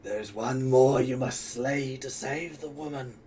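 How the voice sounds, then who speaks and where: A man's voice: medium pitch, slow, mellow, slight background noise, close to an everyday voice. A man voicing a demonic possessed villain who taunts and commands, with a mocking delivery. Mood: taunting.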